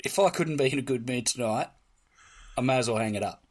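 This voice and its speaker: A man co-hosting a podcast, tossing in quick jokes and laughing along. His voice sits at a middle pitch in casual banter. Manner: joking, quick quips and laughter. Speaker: podcast co-host.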